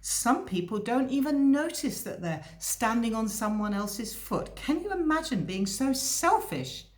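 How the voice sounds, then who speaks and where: A woman's voice: on the high side, sing-song, a little slow, pitched above the performer's own voice. A woman acting out a passive-aggressive passenger who makes pointed, indignant remarks to a bystander. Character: passive-aggressive passenger in loud stage whisper. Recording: echoey room.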